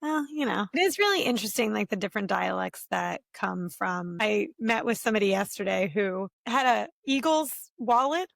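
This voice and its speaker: A woman from Delaware County, Pennsylvania, co-hosting a casual chat over drinks, reacting quickly and laughing often. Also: mid-range voice, lively intonation, gravelly, dry recording, clean studio sound. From Delaware County, Pennsylvania, USA. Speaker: podcast co-host.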